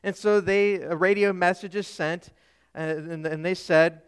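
A man from Minnesota preaching a sermon, telling stories in a deliberate way and letting phrases trail off softly. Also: sits high, fairly even intonation, smooth, long reverb tail. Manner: storytelling, slow and deliberate with soft trailing phrases. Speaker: pastor.

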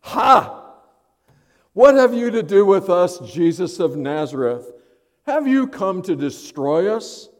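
A preacher acts out a man gripped by an unclean spirit, hurling loud, jeering outbursts. His voice sits at a middling pitch for a man. A long reverb trails every line in a large hall. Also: big pitch swings, unhurried. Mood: shouting.

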